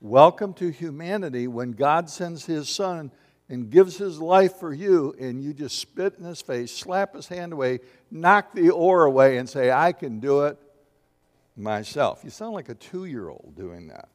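A man preaching a sermon in a lively, conversational way, asking the congregation questions and acting out little voices. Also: on the high side, measured pace. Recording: long hall reverb.

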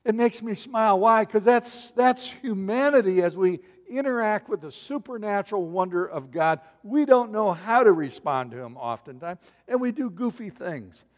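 A man's voice: sits high, expressive, moderate pace, hardly any pauses. A man preaching a sermon, telling the story with humor and acting out the voices. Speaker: pastor. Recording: long hall reverb.

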